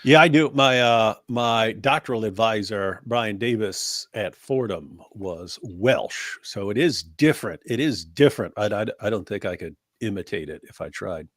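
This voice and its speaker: A man co-hosting a live stream, joking and telling animated stories in casual chat. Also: lowish voice, normal speed, hardly any pauses, no room sound, clean studio sound. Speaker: co-host of a live talk stream.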